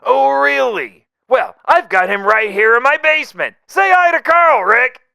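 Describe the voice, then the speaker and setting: A man voicing a wisecracking, unhinged male mercenary in a fan audio drama, jokey and manic, swinging between whispers and shouts. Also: very high-pitched, sing-song, moderate pace, creaky, clear, resonant tone, dry recording, clean studio sound, full character voice. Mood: manic teasing.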